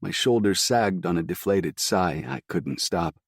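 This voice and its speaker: A man with a deep, low voice reads a first-person story in a slow, somber way. The sound is dry and close, with no room around it. His reading is scripted and steady. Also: slightly rough, no echo. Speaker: audiobook narrator.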